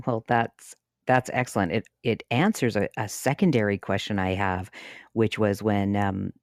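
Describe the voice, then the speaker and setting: A talkative podcast host steers an audio-chat discussion, laughing easily and letting sentences sink to a soft murmur. The voice sits at an average pitch. It sounds dry and close, with no room around it. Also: vocal fry, dry recording. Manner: chatty, laughs often, drops to a low murmur at phrase ends. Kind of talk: casual discussion moderating. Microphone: phone app audio chat.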